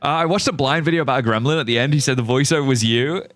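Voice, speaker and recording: A man's voice: medium pitch, racing, fairly bright tone. A young man with an English accent, chatting casually with viewers on a live gameplay stream, swearing and laughing often. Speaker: livestreamer. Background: faint guitar music.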